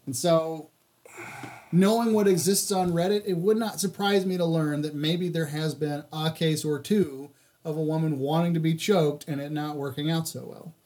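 A man's voice: fairly high pitch, fairly even intonation, moderate pace, warm tone. Chatty, profane male podcast co-host. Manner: loose, profane, joking storyteller. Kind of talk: crude casual chat.

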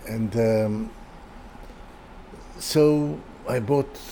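A man's voice: mid-range voice, mellow, slight background noise. An older man, a furniture designer, telling a casual story as an interview guest, stopping and restarting his sentences often. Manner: halting, with many restarts and repeated words.

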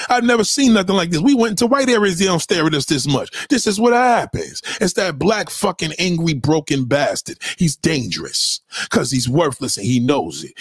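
Man, high-pitched, husky, dry close sound, aggressive insulting reaction rant. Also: dry recording. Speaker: online commentator reacting to clips.

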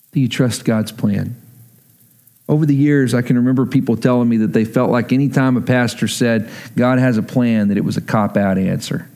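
A man's voice: creaky, mellow. A man preaching earnestly as pastor, then leading a prayer and an altar call. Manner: earnest, emotional, rising in pitch as he pleads.

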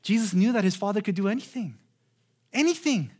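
Earnest preaching man, lively pitch. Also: slightly rough. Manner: earnest, slows down hard on key phrases, repeats words as he restarts. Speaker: pastor. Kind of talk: sermon.

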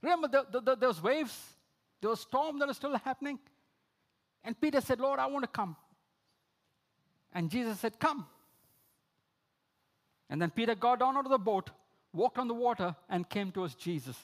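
A man preaching a sermon, repeating key phrases, calling listeners friends, and swinging between emphatic outbursts and low, quiet lines. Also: animated, fairly quick. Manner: rises to emphatic high exclamations, drops low for quoted lines.

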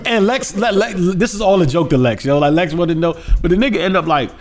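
A man with a slightly high voice tells a long, lively story on a casual podcast. He keeps jumping into the voices of the people in it. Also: quick pace, a little hiss or hum. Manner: animated storyteller, lots of quoted voices. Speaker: podcast co-host.

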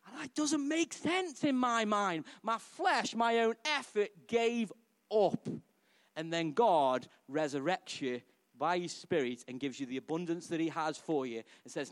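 A middle-aged man, a pastor preaching a sermon in a conversational, animated way and asking the congregation questions. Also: sits high, a little slow.

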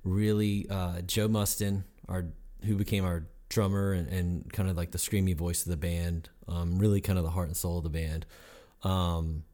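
A man's voice: low voice, flat delivery, moderate pace, dark tone. A man from North Carolina, a musician guest, chatting in a laid-back, agreeable way and telling stories. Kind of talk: casual interview chat.

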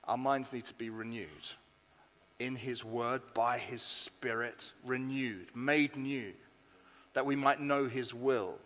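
A man preaching a sermon to his congregation, earnest and rising to bursts of excitement. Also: medium pitch, takes it slowly. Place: church hall. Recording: long hall reverb.

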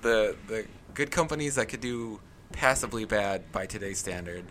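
A man's voice: fairly low pitch, lively intonation, normal speed, fairly bright tone, a little hiss or hum. A man chatting casually as a podcast co-host, wry and questioning. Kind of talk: casual chat.

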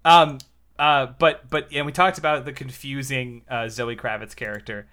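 A man co-hosting a comic book podcast in casual chat, animated and halting, with frequent restarts. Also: medium pitch. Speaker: podcast co-host.

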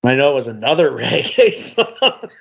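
A man's voice: medium pitch, sing-song, normal speed, gravelly, slightly rough, dull audio. A man co-hosting a podcast in casual chat, dry and sarcastic, often laughing as he critiques an album. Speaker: podcast co-host.

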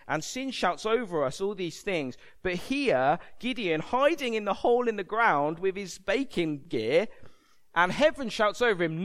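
A man preaching a sermon, animated and jokey, acting out voices for emphasis. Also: sits high, a little slow.

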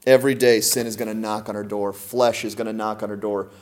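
A man's voice: fairly low pitch, level tone, a little fast. A man preaching a sermon to a congregation, emphatic and full of rhetorical questions. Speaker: pastor.

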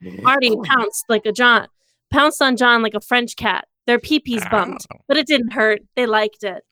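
A woman reading a comedic story aloud in a deadpan storytelling manner on a close studio mic. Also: on the high side, unhurried, no echo. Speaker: co-host reading fan fiction.

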